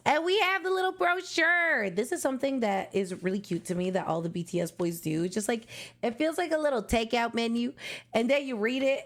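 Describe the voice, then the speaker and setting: A woman vlogger chatting casually through an album unboxing, excitable and slangy, often gasping and exclaiming. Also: medium pitch.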